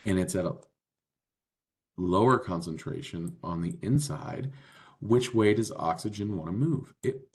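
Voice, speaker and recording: A man with a deep, low voice teaches a biology lesson. He explains in a casual, conversational manner, stopping often for fillers as he walks through examples. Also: darkish tone. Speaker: biology instructor. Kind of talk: classroom lecture.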